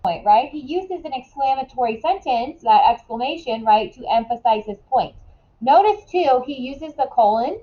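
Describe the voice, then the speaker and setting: A woman teaching a classroom lesson in a casual way, asking quick questions and often checking in with "right?". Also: high-pitched, expressive, muffled recording.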